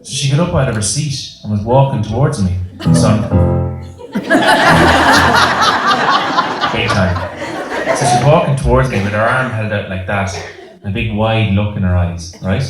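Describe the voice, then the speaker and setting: A young Irish man, a singer, tells the live crowd jokey stories at his own expense in on-stage banter. His fairly low voice swoops wildly in pitch, and he talks a little slowly with frequent pauses, amid concert hall echo and music behind him.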